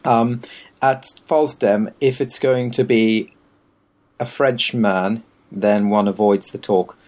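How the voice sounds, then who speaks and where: A man with a fairly low voice talks casually and at length. He is opinionated and wry, and he wanders through his points. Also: steady tone, slow, a little mellow. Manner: opinionated, wry, meandering explanations. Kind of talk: casual chat.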